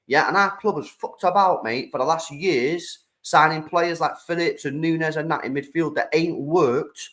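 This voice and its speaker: A young British man hosting a live stream, reacting to football news and chatting with viewers in an animated, slangy way. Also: a little high, moderate pace, few pauses, poor audio. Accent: British English. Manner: slangy, animated, talks to the chat. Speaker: streamer host.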